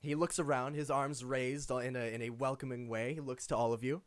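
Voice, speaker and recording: A man's voice: medium pitch, little pitch movement, brisk, no room sound. A man narrating as game master of a tabletop game, describing scenes and laughing easily with his players.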